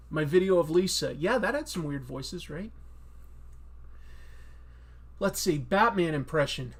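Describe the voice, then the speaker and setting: A man's voice: a little high, lively intonation, unhurried, pauses often, slightly rough. A man hosting a casual live-stream Q&A about comics, chatty and rambling with many fillers. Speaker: comic book video host.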